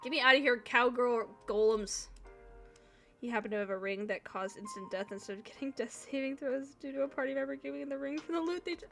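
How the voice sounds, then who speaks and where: A woman's voice: fairly high pitch, a little fast, vocal fry, fairly bright tone, soft background music. A woman streaming a video game, chatting casually and sleepily, swearing freely and laughing often. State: sleepy, yawning. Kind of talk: casual chat while playing a video game.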